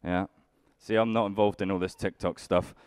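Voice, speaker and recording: A man's voice: sits low, steady tone, moderate pace, a little mellow, clear, resonant tone, dry recording. A young man doing live stand-up comedy, grumpily bantering with the audience in a dry way. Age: young adult. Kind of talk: live stand-up with crowd work.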